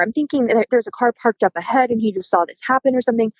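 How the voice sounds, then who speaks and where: A woman's voice: on the high side, fast, husky, dry recording, muffled recording. A woman in her thirties telling a dramatic personal story in casual conversation, acting out the voices of the people in it. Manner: animated, acts out quoted dialogue. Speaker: podcast guest.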